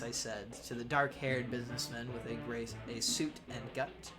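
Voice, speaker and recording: A young man reads his own essay aloud, paced and wry. His voice sits at an ordinary middle pitch, and a faint bed of music plays behind him. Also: level tone. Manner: measured, wry storytelling. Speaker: narrator. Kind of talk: reading a personal essay aloud.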